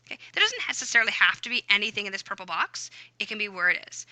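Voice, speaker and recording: A woman's voice: mid-range voice, very animated, quick pace, hardly any pauses, sharp tone, no echo, rough recording. A woman teaching a grammar lesson over a screen recording, upbeat and chatty, talking through each step aloud. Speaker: Spanish teacher.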